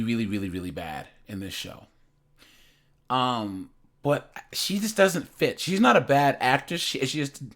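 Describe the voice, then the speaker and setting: A man's voice: medium pitch, fairly bright tone. A man hosting a reaction channel, chatting casually and rambling, repeating words and laughing often.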